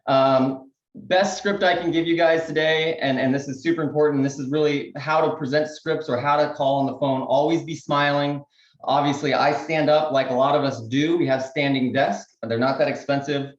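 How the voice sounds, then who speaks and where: A man, a real estate agent on a panel, giving casual sales tips and acting out phone calls in quick voices. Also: a little high, steady tone, roomy sound, highs cut off.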